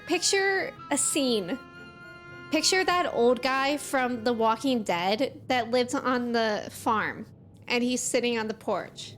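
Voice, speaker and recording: A woman's voice: high voice, fairly bright tone. A young woman streamer chatting casually and playfully with her viewers, giggling often. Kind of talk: casual live-stream chat.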